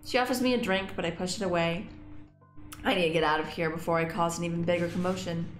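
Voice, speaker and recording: A woman gaming YouTuber reading a visual novel aloud and reacting, excitable and swearing freely. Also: fast talker, echoey room, faint music behind. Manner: excitable, swears freely, squeaks when frustrated.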